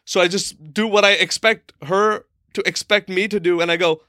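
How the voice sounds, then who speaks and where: A young man spins a comic anecdote in a loose, rambling way, filling it with "like" and little acted-out voices for the people he met. His voice sits a touch high for a man. The sound is dry and close. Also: fairly even intonation, normal speed, bright, forceful tone, no echo. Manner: rambling, lots of "like", acts out quoted people. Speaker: podcast co-host. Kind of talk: casual comedic storytelling.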